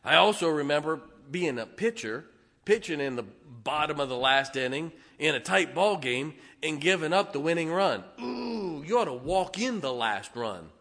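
Here a preacher with a drawl speaks expressively at a moderate pace, his voice forceful, bright-edged, and a touch higher than usual. He keeps his sermon folksy and emphatic, throwing in jokes between points.

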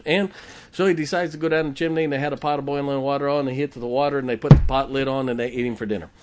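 Folksy preacher joking through a sermon. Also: male voice, a little high, steady tone, a little fast. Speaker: pastor. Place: church sanctuary.

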